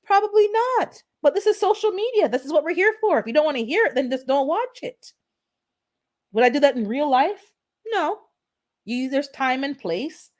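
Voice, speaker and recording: A woman's voice: high-pitched, sing-song, normal speed, darkish tone. A woman hosting her own channel, chatting casually on a live stream in a blunt, sarcastically funny, rambling way. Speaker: gardening channel host.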